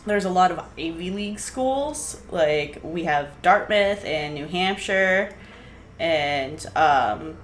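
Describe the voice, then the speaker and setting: A young woman co-hosts a casual podcast, rambling in an animated, slangy way. Her voice sits a little low. The room echoes noticeably, with a faint hiss underneath. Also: takes it slowly. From New England. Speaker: podcast co-host. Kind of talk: casual chat.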